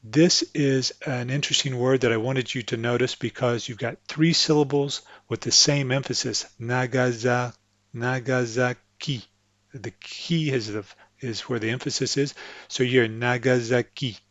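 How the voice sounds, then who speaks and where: A patient man walks English speakers through French pronunciation, repeating words slowly to demonstrate each sound. His voice sits at an ordinary middle pitch and is close and dry, with a slightly dull, lo-fi tone. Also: a bit bright, no room sound. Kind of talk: instructional explanation with spoken examples.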